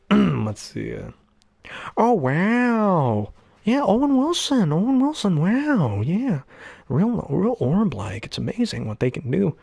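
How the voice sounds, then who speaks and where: A man's voice: high-pitched, wildly swooping pitch, slow pace, a little mellow, no echo. A man talking casually about his favorite voices, rambling and chatty between impressions. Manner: chatty, rambling, full of ums and throat-clearing. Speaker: hobby voice actor.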